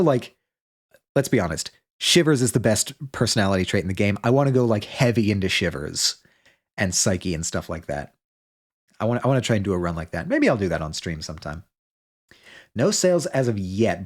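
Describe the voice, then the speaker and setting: A male streamer thinking aloud in casual chat, rambling and restarting his sentences. His voice sits a bit low. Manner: rambling, self-interrupting, many restarts and fillers.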